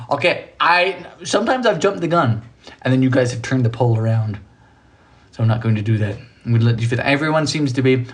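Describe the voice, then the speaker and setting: A man from Britain hosting a baking livestream in his kitchen, chatting playfully while reading viewer comments. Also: a bit bright. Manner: playful, theatrical, jumps between high and low voices. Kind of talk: casual live-stream chat reading comments. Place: home kitchen.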